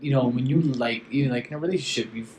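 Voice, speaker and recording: A man's voice: mid-range voice, fast talker, darkish tone. A man joining a casual podcast chat with short, blunt comments and interjections. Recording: roomy sound with faint noise.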